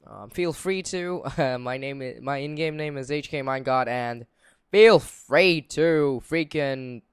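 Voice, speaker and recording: Excitable young man, clear dry voice. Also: mid-range voice, measured pace, no room sound. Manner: excitable, exclaims and laughs often. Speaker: gaming channel host. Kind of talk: casual gameplay commentary.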